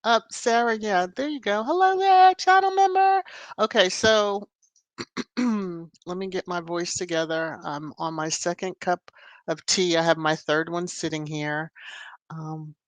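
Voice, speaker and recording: A woman's voice: lowish voice, steady tone, unhurried, no echo. A woman hosting a casual livestream, chatting with viewers, greeting them by name and laughing often. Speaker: livestream host.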